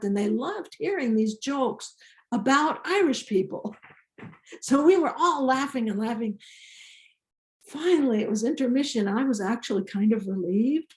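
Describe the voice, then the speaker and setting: An older woman from Iceland with an Icelandic accent, telling a personal story in a slow, deliberate way with small restarts. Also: a little high, expressive, echoey room. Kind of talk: personal story told to an audience.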